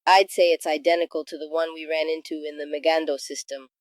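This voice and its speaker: A man's voice: on the high side, little pitch movement, brisk, no echo, pitched above the performer's own voice, close to an everyday voice. A man putting on a smug, sarcastic Time Lady. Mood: dry. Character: clever, dry-witted female Time Lord.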